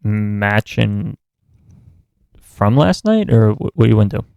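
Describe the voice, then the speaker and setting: A man co-hosting a wrestling podcast in relaxed, rambling casual chat. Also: lowish voice, measured pace, creaky, clean tone, no echo, muffled recording. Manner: relaxed, rambling, laughs at his co-host. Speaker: podcast co-host.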